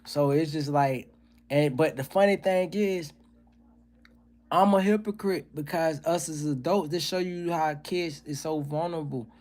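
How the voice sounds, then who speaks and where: A man's voice: a little high, measured pace, darkish tone. A man hosting a livestream, talking casually and working through comedy bits in a profane, ranting way. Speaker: livestream host.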